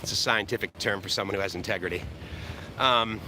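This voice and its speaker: A man's voice: lowish voice, brisk, background noise. A man hosting a live walk-and-talk vlog by the sea, rambling and joking with viewers, recorded on a camera held out on a stick. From USA. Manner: rambling, joking, chuckling often. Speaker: vlogger, live-stream host. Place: outdoor seaside walkway. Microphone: camera on a selfie stick.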